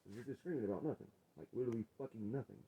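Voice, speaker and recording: A man arguing with his wife on a vlog, profane and confrontational, his voice rising toward yelling. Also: mid-range voice, rapid-fire, muffled recording, background noise. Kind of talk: heated domestic argument on a vlog.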